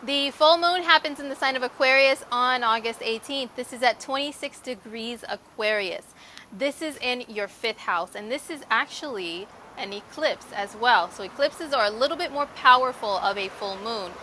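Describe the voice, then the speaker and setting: A woman's voice: fairly high pitch, moderate pace, bright, forceful tone, slight background noise. A woman astrologer giving a casual horoscope reading in a chatty, candid way, full of "like" and "um".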